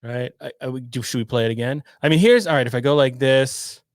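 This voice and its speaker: A man's voice: mid-range voice, fairly quick, no echo, studio quality. A man hosting a podcast livestream, reacting to a news clip and rambling sarcastically. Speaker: podcast host. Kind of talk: casual livestream commentary.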